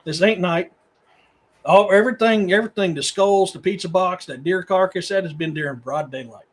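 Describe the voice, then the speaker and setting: A man's voice: sits high, normal speed. A middle-aged man from Missouri, a podcast guest who tells long rambling stories in casual chat. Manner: rambling storyteller, talks to his dogs mid-sentence.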